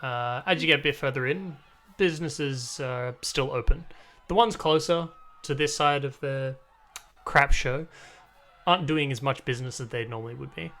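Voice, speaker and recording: A man narrating as game master in a relaxed tabletop game session, with a loose, chatty style and frequent fillers. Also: medium pitch, normal speed.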